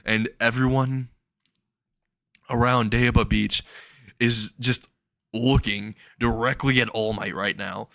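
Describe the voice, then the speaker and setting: A man's voice: mid-range voice, fairly even intonation, slow, gravelly, long pauses, a bit bright, dry recording. A man telling a comedic story casually, crude, rambling and often laughing.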